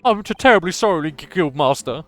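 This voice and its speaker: Jittery working-class coachman, stutters and frets in a high voice, voiced by a male streamer. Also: sing-song, normal speed, a bit bright, soft background music. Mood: nervous. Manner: stammering, high and anxious. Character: nervous stammering male coachman.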